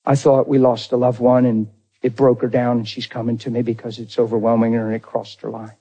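A man preaching a sermon, telling a personal story with deep emotion and speaking unrehearsed, calling out to his congregation. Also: level tone, fairly quick, mellow, breathy edge, dull audio. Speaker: pastor.

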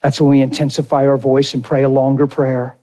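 A middle-aged man preaching a sermon through an animated, folksy personal story. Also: medium pitch, a little fast. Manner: animated, folksy, drawls into dramatic retellings.

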